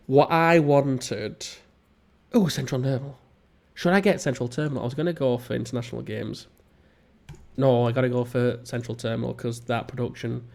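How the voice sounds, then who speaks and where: A man's voice: mid-range voice, vocal fry, a little mellow. A man with a Northern English accent, hosting a strategy game let's play with rambling, self-mocking commentary. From England. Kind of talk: casual gameplay commentary.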